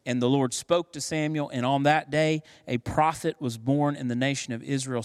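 A man in his thirties preaching a sermon as pastor, telling stories with animated acted voices. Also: a little high. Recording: long hall reverb.

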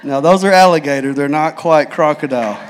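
Casual, joking preacher with a higher voice. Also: male voice, fairly quick, slight background noise. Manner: casual, joking, animated retelling with filler "like". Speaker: pastor. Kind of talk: sermon with humorous storytelling.

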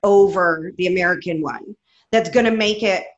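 A woman co-hosting an interview, asking curious, steady questions. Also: fairly low pitch, normal speed, lo-fi sound. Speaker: co-host. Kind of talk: casual interview chat.

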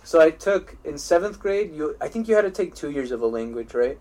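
A man's voice: on the high side, lively intonation, fairly quick, a little mellow. Rambling young man telling school stories. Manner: rambling storytelling with frequent restarts and swearing; laughs at his own stories. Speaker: podcast co-host. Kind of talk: casual chat.

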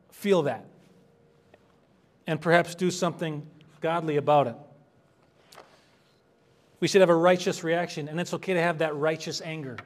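Earnest higher-voiced male pastor. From United States. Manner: earnest, conversational preaching with rising emphasis. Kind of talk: expository sermon.

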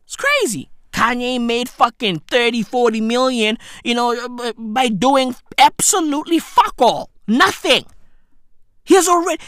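A woman's voice: sits high, fairly bright tone, dry recording, clean studio sound. A woman hosting a show, ranting with heavy swearing, exasperated and stammering through restarts. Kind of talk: profane comedic rant.

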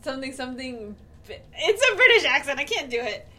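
A woman's voice: sits high, sing-song, fairly quick, pushed and bright. A young woman co-hosting a casual podcast, blunt and teasing, swearing freely. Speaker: podcast co-host. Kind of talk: casual chat.

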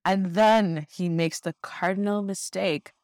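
A woman's voice: mid-range voice, steady tone, measured pace, darkish tone, dry recording, studio quality. A woman co-hosting a podcast, wryly retelling reality-show scenes and acting out the quotes. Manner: wry storyteller, acts out quotes, swears casually. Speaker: podcast co-host. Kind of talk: casual chat recapping a reality show.

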